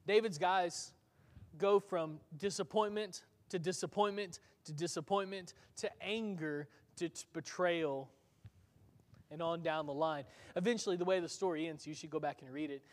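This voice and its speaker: A man's voice: high voice, big-room sound. A man preaching a sermon in a conversational way, with rhetorical questions and restarts. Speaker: pastor.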